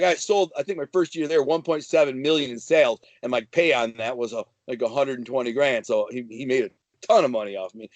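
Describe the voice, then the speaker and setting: A man's voice: on the high side, no echo. A man telling a wild story in casual, brash, slangy talk. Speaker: guest telling prison-life stories.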